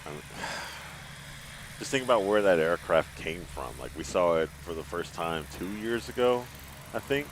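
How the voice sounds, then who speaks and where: A laid-back man adds color commentary to a live flying competition, often with short agreeing replies. His voice sits very low and he talks slowly. A faint outdoor noise hums behind him. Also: animated, low-quality recording.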